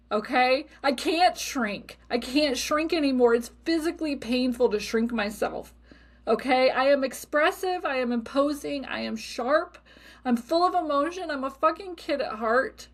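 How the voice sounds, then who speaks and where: A middle-aged woman talks straight to her listeners in a casual solo podcast. Her voice sits a little high. She is blunt and expressive and swears freely. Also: measured pace. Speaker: podcast host.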